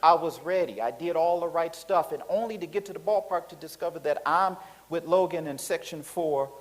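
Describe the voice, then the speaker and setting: A man preaching a sermon, animated and colloquial, telling stories to the congregation. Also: a little high, fairly quick, rough recording.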